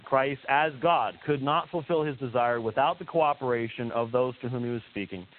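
A man's voice: mid-range voice, moderate pace. A man giving a teaching lecture, emphatic and hesitant in turns, with frequent "uh" fillers and points repeated for weight. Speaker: theology lecturer. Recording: tinny lo-fi recording with faint hiss.

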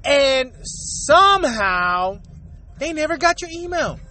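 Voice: medium pitch, lively intonation, normal speed, bright, forceful tone, a little hiss or hum. A podcast host delivering a heated, profane comedic rant in street slang, acting out both sides of the exchanges.

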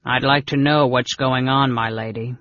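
A man voicing a big gruff warrior, exasperated. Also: mid-range voice, fairly even intonation, moderate pace, dry recording, close to an everyday voice. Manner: shouting, exasperated. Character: big blustering male warrior, worried and gruff. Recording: dull lo-fi dry recording.

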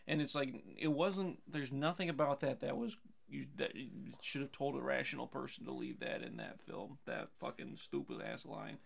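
A man's voice: mid-range voice, lively intonation, fairly quick, vocal fry. A man co-hosting a podcast, ranting about a film in casual chat, swearing and mocking the lines. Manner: ranting, profane, mocking impressions. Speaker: podcast co-host. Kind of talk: casual chat, movie review.

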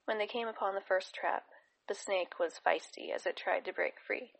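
A woman narrating a fantasy novel in a steady, even storytelling manner. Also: medium pitch, moderate pace, vocal fry, low-quality recording. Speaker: audiobook narrator. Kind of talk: scripted narration.

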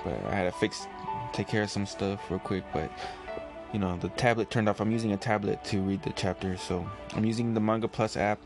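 A man with a fairly low voice talks through a comic chapter in a loose, rambling way, filling gaps with "you know" and "like". Faint music plays softly underneath him. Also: fairly quick. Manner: relaxed, rambling, many fillers. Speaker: comic reviewer. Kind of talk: casual chapter review.

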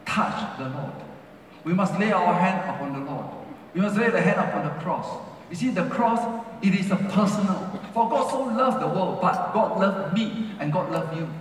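A male pastor preaches in a high, ringing voice, leaning on repeated phrases that rise and fall. His English has non-native grammar. He is heard from a distance in a large, very echoey church hall. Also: moderate pace, slight background noise. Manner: rising and falling emphasis, repeats phrases. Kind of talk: sermon.

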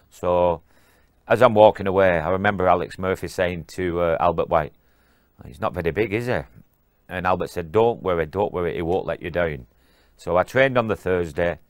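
Brief: older ex-player, very low voice, dry close sound, halting recollection. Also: male voice, clean tone, no room sound. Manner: halting, repeats words at starts. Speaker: former rugby player. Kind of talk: interview recollection.

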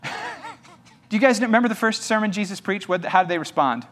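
A man's voice: high voice, lively intonation, moderate pace, a bit bright. A male pastor preaching an emphatic sermon, firing rhetorical questions at his congregation. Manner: talks straight to the congregation.

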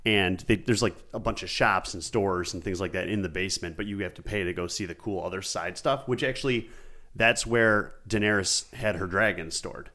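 A man's voice: sits low, normal speed, sharp tone. A man from Buffalo co-hosting a podcast, telling long rambling stories in casual chat with lots of "like" fillers. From Buffalo, New York. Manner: rambling storyteller, many "like" fillers. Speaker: podcast co-host.

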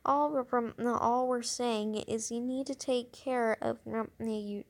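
A woman voicing a calm, patient dad. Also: a little high, measured pace. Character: patient father of two kids. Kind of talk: children's book read-aloud.

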